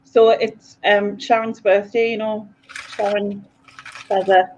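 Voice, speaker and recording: A woman's voice: mid-range voice, level tone, takes it slowly, a little mellow, a little hiss or hum. A British woman chatting as a guest on a livestream, easygoing and giggly. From England. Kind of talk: casual livestream chat.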